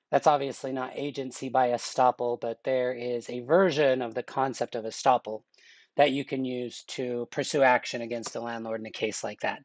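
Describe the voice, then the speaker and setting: A man teaching a live online exam-prep lesson in a relaxed, chatty way, with filler words and joking asides. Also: medium pitch, dry recording. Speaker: webinar instructor.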